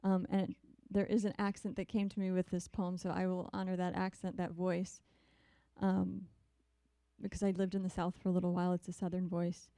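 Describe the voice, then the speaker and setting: A woman poet reads her work in a measured, deliberate way, her voice mellow and smooth. The sound is close and dry. Between poems she turns soft and hesitant. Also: fairly low pitch, little pitch movement, no echo. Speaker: visiting poet. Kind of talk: poetry reading.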